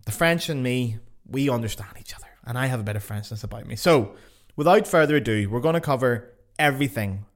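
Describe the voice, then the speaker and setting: Blunt, sweary Northern Irish man. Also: mid-range voice. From Northern Ireland. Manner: blunt, sweary and self-mocking. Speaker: podcast host. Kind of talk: casual podcast monologue.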